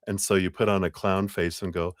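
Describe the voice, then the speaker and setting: A man with a very low voice reads tarot cards live for a client. He talks gently and loosely, drifting through his thoughts with plenty of fillers. The sound is dry, with no room echo. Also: level tone, brisk. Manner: casual, rambling, gentle, full of fillers. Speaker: tarot reader.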